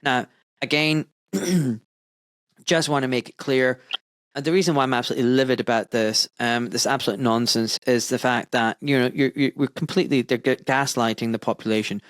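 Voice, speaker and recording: A man's voice: mid-range voice, steady tone, normal speed, dry recording. A man hosting a podcast, talking emphatically and with indignation, often mimicking people. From United Kingdom. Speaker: podcast host. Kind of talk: casual discussion.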